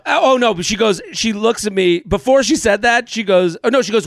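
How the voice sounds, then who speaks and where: A man's voice: high-pitched, lively intonation, brisk, vocal fry, few pauses, no room sound, clean studio sound. A young man hosting a casual podcast, rambling through an anecdote with frequent restarts. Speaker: podcast host.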